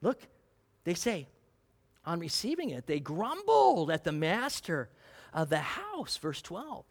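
Rich: A male preacher with a high, animated voice that leaps up and down. He talks through his sermon casually and keeps quizzing the congregation. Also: slow pace. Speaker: pastor.

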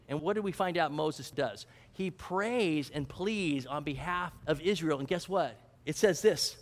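A man preaching a sermon with a high voice, talking to his listeners and acting out prayers. His voice rings with long reverb. He asks questions, then answers them himself. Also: unhurried, hardly any pauses. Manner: acts out prayers and a mock auction. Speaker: pastor.

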